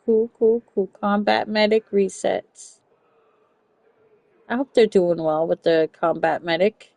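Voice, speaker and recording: A woman streaming a game, chatting casually, swearing and yelling for help in bursts. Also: medium pitch, fairly even intonation, takes it slowly, vocal fry, no room sound, poor audio. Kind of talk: casual gameplay commentary.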